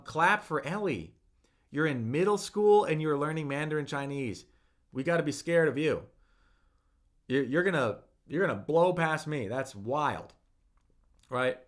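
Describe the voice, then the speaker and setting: A man's voice: on the high side, a bit bright. A young man hosting a casual live-stream language lesson, upbeat and encouraging, with many fillers and "right?" tags.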